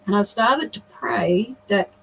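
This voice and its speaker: A woman's voice: medium pitch, slow pace, creaky, fairly bright tone, a little hiss or hum, poor audio. A middle-aged woman, a guest on a video call, earnestly telling a personal story with emotion and frequent restarts.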